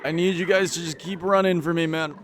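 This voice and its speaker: A man's voice: a little high, steady tone, fairly quick, fairly bright tone, a little hiss or hum. A man commentating his own gameplay, talking anxiously to his characters and repeating his lines. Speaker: gaming YouTuber.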